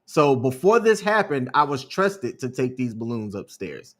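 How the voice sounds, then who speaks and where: A man co-hosting a podcast, telling a story in a calm, measured, unhurried way. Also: medium pitch. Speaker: podcast co-host. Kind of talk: casual storytelling chat.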